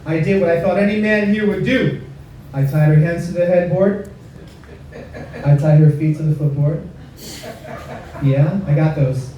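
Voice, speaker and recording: High-voiced man doing stand-up in an echoey club. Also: moderate pace, long pauses, dark tone, slight background noise. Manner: self-deprecating, chatty asides to the crowd. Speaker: stand-up comedian. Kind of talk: stand-up comedy set. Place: comedy club stage. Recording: echoey club room, mic at a distance.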